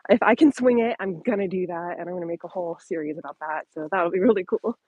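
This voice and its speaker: Breathy woman chatting on a walk. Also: on the low side, fast, a little mellow, no echo, lo-fi sound. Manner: chatty, many ums and likes, laughing lightly. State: out of breath from walking. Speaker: vlogger hosting a live Q&A. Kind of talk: casual live-stream chat. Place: outdoor trail while walking a dog. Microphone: handheld phone at arm's length.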